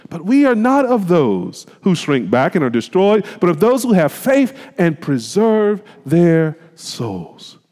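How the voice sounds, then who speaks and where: A man's voice: high-pitched, wildly swooping pitch, slow, hardly any pauses, darkish tone. A man preaching a sermon, emphatic and colloquial, putting rhetorical questions to the congregation. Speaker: pastor. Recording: long reverb of a hall.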